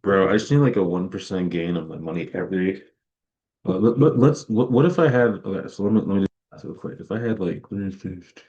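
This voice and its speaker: On a dull lo-fi stream mic, a young guy chats loosely about his investments, filling his rambling talk with "like." He speaks briskly in a low, slightly mellow voice.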